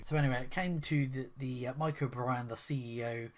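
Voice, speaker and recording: A man's voice: mid-range voice, steady tone, a little fast. A man giving casual spoken commentary on a gaming controversy, rambling and incredulous, with lots of fillers and restarts.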